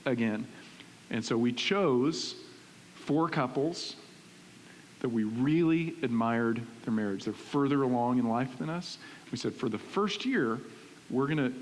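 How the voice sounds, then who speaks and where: A middle-aged male pastor preaching in a church, animated and conversational, often checking in with "right?". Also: medium pitch. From Texas. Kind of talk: sermon. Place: church sanctuary. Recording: reverberant church hall with faint hiss.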